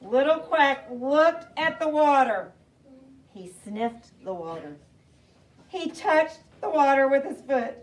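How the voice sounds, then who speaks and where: A woman teacher reading a picture book aloud to her class in an animated way, asking the children questions. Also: sits high, takes it slowly. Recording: distant mic, faint noise.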